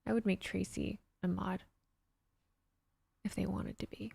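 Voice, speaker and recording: A woman's voice: mid-range voice, little pitch movement, a little slow, creaky, warm tone, husky, dry recording. A chatty, sarcastic woman streaming live and talking to her chat. She has a mid-range voice, and the desktop mic gives it a dry, close sound.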